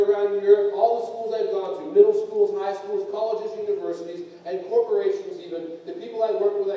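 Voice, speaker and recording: High-voiced man giving a comic keynote. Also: muffled recording. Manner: animated storytelling, big jumps to shouting for punchlines. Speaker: keynote speaker. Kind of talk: comedic motivational keynote. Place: large conference hall. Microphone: distant camera mic. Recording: echoey hall, distant mic.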